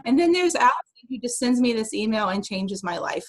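A woman in her thirties on a video call, sharing her story with a team, earnest and emotional, rushing a little. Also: a little high, lively intonation, poor audio. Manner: emotional, earnest, fast-talking. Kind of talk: casual personal testimony on a video call.

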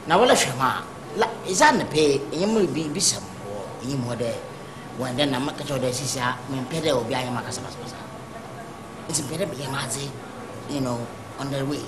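A man with a Ghanaian accent, playing excitable, playful comedy film dialogue. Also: mid-range voice, fairly quick, echoey room, background noise. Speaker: comic actor.

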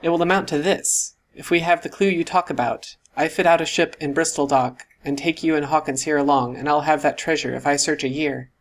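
Blustering middle-aged squire, put on by a male narrator, loud and exclamatory, pitched up. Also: steady tone, brisk, few pauses, natural voice. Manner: booming, exclamatory.

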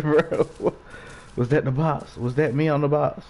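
A man's voice: a little high, fairly even intonation, a little slow, a little mellow. A young man giving jumpy, swearing let's-play commentary with nervous laughter while playing a horror game. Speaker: gaming YouTuber.

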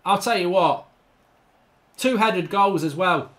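A man commentating live gameplay for his channel takes it slowly while venting exasperation. He curses plenty, swinging between low muttering and outright shouting.

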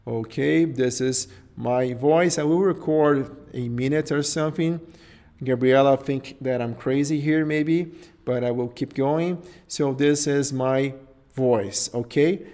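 Slow-talking man with a Portuguese accent. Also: mid-range voice, mellow. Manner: thinks aloud, tags phrases with "okay?" and "right?". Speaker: host. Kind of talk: live screen-share tutorial.

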